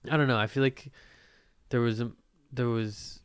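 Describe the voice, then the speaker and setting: A man's voice: mid-range voice, fairly even intonation, moderate pace, smooth, dry recording, studio quality. Rambling young man hosting a podcast. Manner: rambling, loses his train of thought, swears casually. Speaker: podcast host. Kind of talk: casual chat. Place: small room with friends.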